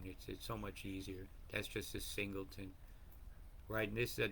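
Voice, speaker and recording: A man hosting a rambling weather livestream, profane and excitable, jumping between topics. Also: lowish voice, slight background noise. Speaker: weather channel host.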